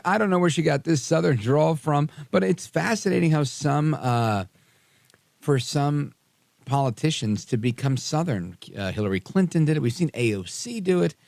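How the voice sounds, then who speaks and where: A man's voice: fairly high pitch, lively intonation, moderate pace, gravelly, a little mellow, no echo. A man hosting a live talk radio show, casual and sarcastic with frequent fillers, in a studio.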